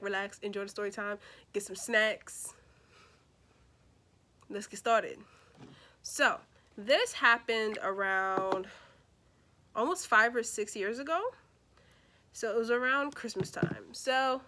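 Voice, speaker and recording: A chatty young woman telling a storytime in a bright, forceful voice that sits a little high. She talks casually and with animation, and she acts out the people in her story. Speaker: beauty vlogger. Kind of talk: casual storytime while doing makeup.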